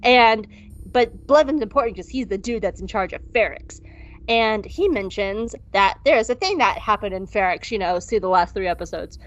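A woman with a medium pitch speaks at a moderate pace while co-hosting a podcast. She jokes and rambles through a laid-back recap with frequent cursing, captured in dull lo-fi audio with faint music.

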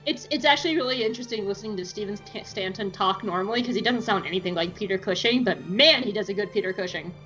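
A woman's voice: mid-range voice, quick pace, a bit bright, lo-fi sound, soft background music. A woman podcast co-host chatting casually through an episode recap, giggly and swearing freely.

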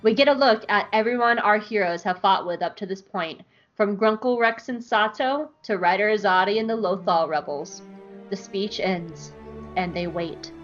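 A woman co-hosting a podcast, giving an animated, jokey recap in casual chat. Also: medium pitch, normal speed, dull audio, faint music behind. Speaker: podcast co-host.

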